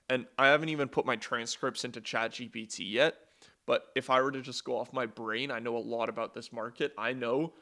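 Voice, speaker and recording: A man's voice: mid-range voice, bright, forceful tone. A young man talking casually in a vlog about his business, rambling and swearing, with frequent restarts. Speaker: vlogger, entrepreneur.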